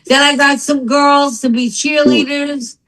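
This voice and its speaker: Her voice sitting high and her pace a little slow, an older woman tells her story as a guest in casual conversation over a rough recording. She narrates with energy, acting out whoever she quotes.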